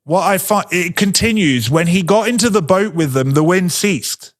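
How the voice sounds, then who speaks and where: A man teaching a sermon in a conversational way, asking rhetorical questions and slowing down to stress his points. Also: high voice, expressive.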